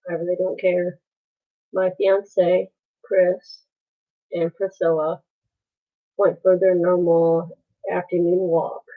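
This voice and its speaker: A woman telling a painful story on a live stream, halting and pausing as she goes. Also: lowish voice, little pitch movement. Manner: halting, with many pauses and restarts. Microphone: phone. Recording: tinny phone-like sound.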